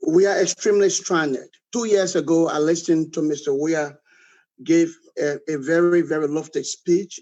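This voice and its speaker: A man's voice: on the high side, steady tone, moderate pace, warm tone, lo-fi sound. A man with a Liberian accent, a political guest giving emphatic critical commentary and often adding "all right?".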